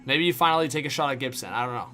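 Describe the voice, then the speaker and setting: Faint music plays behind a young man racing through casual hockey stream commentary as he reads chat. His mid-range voice is bright and forceful, and his rambling talk is crowded with fillers, especially "like."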